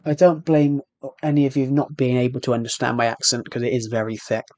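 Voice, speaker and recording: A man's voice: medium pitch, brisk, a little mellow, faint music behind. A man with a British accent chats loosely to his viewers on a long game livestream, drifting between comments and muttering to himself about what he's doing. His voice sits in a middle range. The sound is dry and close, with no room echo. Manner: rambling, chatty, talks to himself while playing. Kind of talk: casual gameplay livestream chat.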